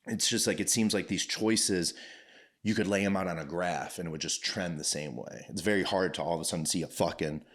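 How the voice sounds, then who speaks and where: Deep-voiced profane ranting man. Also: brisk. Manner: profane, ranting, animated storytelling. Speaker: podcast co-host. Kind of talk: casual chat.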